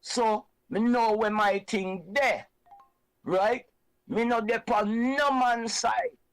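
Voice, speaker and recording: A Jamaican man hosts an online reasoning show and speaks with fiery conviction. He drives his points home by repeating them in a preaching way. His speaking voice is high for a man. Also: slow, fairly bright tone, clear, resonant tone, low-quality recording. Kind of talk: impassioned reasoning talk.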